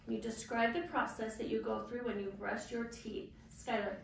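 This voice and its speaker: A kindergarten teacher runs a vocabulary lesson in a bright, high voice that is creaky and flat in delivery, asking slow, patient questions and using call-and-response so the children repeat after her. She's picked up from a distance in a very echoey classroom with faint background noise.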